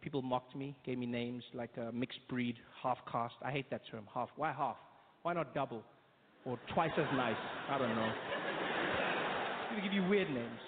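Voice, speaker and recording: A man with a South African accent doing stand-up comedy in animated storytelling, in tinny phone-like audio from an echoey hall. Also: mid-range voice, background noise. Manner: animated storytelling, quick impressions.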